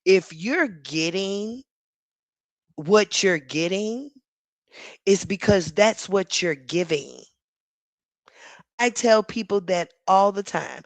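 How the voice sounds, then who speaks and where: A woman's voice: mid-range voice, lively intonation, drawn-out words, long pauses, dry recording. A woman, hosting a casual live commentary stream, reading the chat aloud and talking back to it, sassy and laughing often. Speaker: livestream commentary host.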